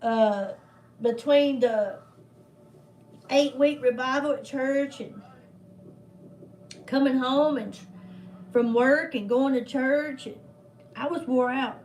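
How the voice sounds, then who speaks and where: An older woman with a drawl chats casually on her livestream, her voice sitting high. She rambles warmly from one thought to the next, dropping in folksy religious turns of phrase. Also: takes it slowly, long pauses, slight background noise, rough recording. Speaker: livestream host.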